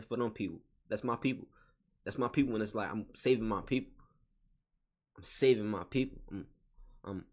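A man giving a spiritual motivational monologue in casual slangy talk, repeating and restating each phrase with emphasis. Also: medium pitch. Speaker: vlogger.

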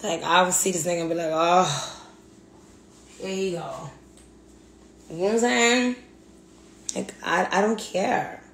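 A woman's voice: on the low side, moderate pace. A woman venting in a blunt, profane monologue, repeating herself for emphasis. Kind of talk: angry monologue rant. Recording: echoey room, faint background hum.

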